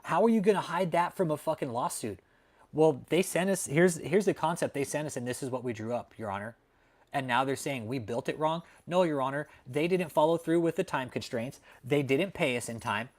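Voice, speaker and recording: A male livestream host rants at home with constant swearing and blunt, heated commentary. His voice sits a little above the usual male pitch. He talks straight at his viewers, angry and profane. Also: brisk. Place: home, dog nearby.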